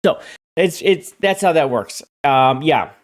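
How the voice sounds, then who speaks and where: Man hosting a gaming livestream; loose rambling delivery with sudden bright jumps when calling out chat names. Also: animated, a little slow. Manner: jumps high and loud when greeting chat; rambling, repeats words. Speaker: livestream host. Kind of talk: casual stream chat.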